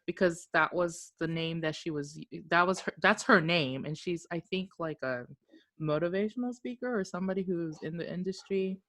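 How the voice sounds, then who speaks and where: A woman's voice: lowish voice, normal speed, a bit bright. A woman co-hosting a casual podcast chat, telling stories, swearing freely and laughing often. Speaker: podcast co-host.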